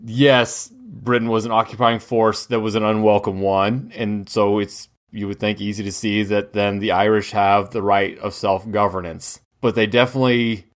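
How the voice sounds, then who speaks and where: A man's voice: fairly low pitch, little pitch movement, moderate pace, hardly any pauses. A man from the United States, co-hosting a podcast and talking loosely about a film, with lots of fillers and restarts. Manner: rambling, many fillers and restarts. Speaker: podcast co-host. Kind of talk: casual film discussion.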